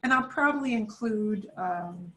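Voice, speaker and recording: A woman's voice: mid-range voice, expressive, measured pace, sharp tone. A woman teaching a beginner Spanish class over a video call, chatty and repetitive, with fillers and self-corrections, switching between English and Spanish. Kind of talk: online class instruction.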